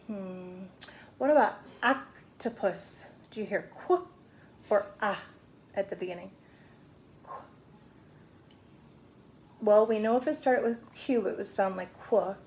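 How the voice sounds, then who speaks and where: Slow, patient woman teaching phonics. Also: medium pitch, a little mellow, a little hiss or hum. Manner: slow, patient, sounds out words. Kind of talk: phonics lesson for young children.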